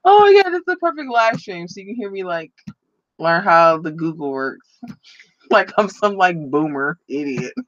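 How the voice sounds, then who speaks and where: A woman's voice: fairly low pitch, big pitch swings, normal speed, no echo, muffled recording. A woman chatting on a live stream in a rambling, flustered way, often laughing at herself. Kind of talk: casual live-stream chat. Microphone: computer microphone.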